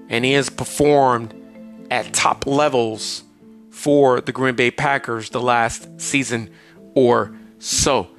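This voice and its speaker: A man talking through a football roster on his own podcast, leaning hard on key words and then rushing through heights, weights and years. His voice sits at an ordinary middle pitch. Faint guitar music plays underneath. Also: a bit bright. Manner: emphatic, drawn-out delivery with sudden rushes of stats. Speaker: podcast host. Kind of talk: solo sports podcast monologue.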